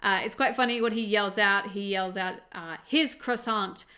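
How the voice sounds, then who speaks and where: With a bright, forceful tone and fairly even intonation, an Australian mother speaks at normal speed and medium pitch. She reviews a cartoon episode in a casual vlog, staying chatty and upbeat and laughing often.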